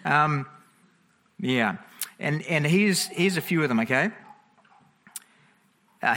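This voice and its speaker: A chatty male preacher with a bright, forward voice, speaking in an animated way. He keeps stopping to check that the congregation is following him. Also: a little high, slow, long pauses, a little hiss or hum. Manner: chatty, animated, frequent "okay?" check-ins. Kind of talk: sermon to a congregation.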